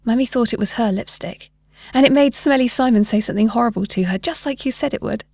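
A woman voicing a resourceful, eager young girl in a small, breathy child voice in a read-aloud storybook. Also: on the high side, quick pace, a little mellow, no echo, clean studio sound.

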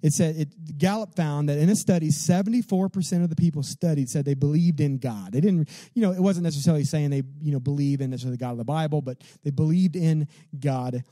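A man preaching a sermon as a pastor, in an animated, conversational way, full of rhetorical questions and casual fillers. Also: a little high, fast, hardly any pauses, no room sound.

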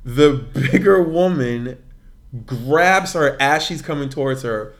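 A man, co-hosting a podcast in casual chat and telling a story with lively, laughing delivery. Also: takes it slowly. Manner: animated storyteller, laughs often, voice jumps high. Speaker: podcast co-host.

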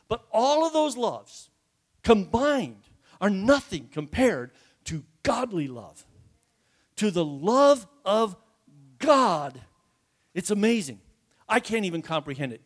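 Folksy high-voiced male preacher. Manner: folksy, jokey, asks the congregation questions. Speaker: pastor. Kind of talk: sermon. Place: church before a congregation.

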